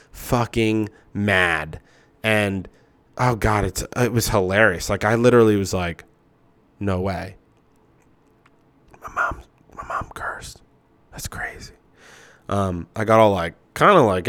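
Male podcast host, low and smooth voice, loose rambling storyteller, heavy swearing and fillers.

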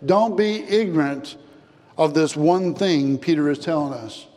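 A man preaching a sermon as pastor, emphatic, repeating phrases and dropping low and soft on key words. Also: a little slow, in a large hall. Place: church.

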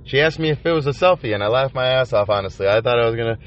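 A man vlogging from inside a van by the ocean, rambling in a profane, halting confessional monologue full of restarts. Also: mid-range voice, expressive. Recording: dull lo-fi recording.

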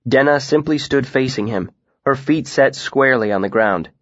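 A man narrating a story in the first person, in an even, measured way. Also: medium pitch, no echo, lo-fi sound. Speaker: audiobook narrator.

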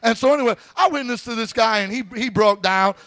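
A man's voice: very high voice, quick pace, sharp tone, no room sound. A man preaching as pastor, telling stories in a conversational way and calling out to the congregation. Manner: conversational storytelling with preacher call-outs. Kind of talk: sermon.

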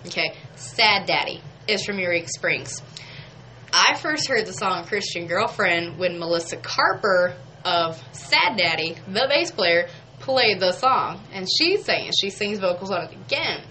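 A woman's voice: on the low side, expressive, a little slow, pushed and bright, a little hiss or hum, rough recording. A woman, hosting a local radio show in casual, chatty talk, laughing often and saying "y'all.". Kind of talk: casual on-air chat. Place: radio studio.

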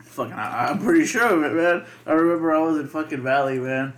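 Crude, animated young male podcaster. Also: a little high, brisk. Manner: crude, animated storytelling full of profanity. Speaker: podcast co-host. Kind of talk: casual chat.

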